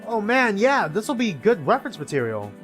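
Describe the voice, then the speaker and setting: A man voicing a pushy, excited young dinosaur art student. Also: high-pitched, fairly quick, faint music behind, pitched above the performer's own voice. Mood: eager.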